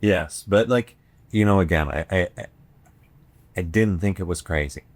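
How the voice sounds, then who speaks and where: A man from rural Ohio, a podcast guest, speaking in a halting, reflective way with many fillers. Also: low voice. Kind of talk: reflective casual chat.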